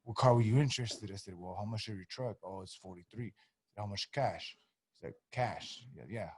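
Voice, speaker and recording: A man's voice: on the low side, normal speed, darkish tone, slight background noise. A man telling a story in a laid-back way, cursing freely and acting out both sides of the exchange. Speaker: guest, pro boxer. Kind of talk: casual storytelling chat.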